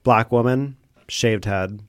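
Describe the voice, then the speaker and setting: A man's voice: mid-range voice, slow pace, no echo. A man hosting a comedic radio show, talking in a campy, flamboyant, rambling way. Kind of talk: comedic talk radio banter. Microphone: studio microphone.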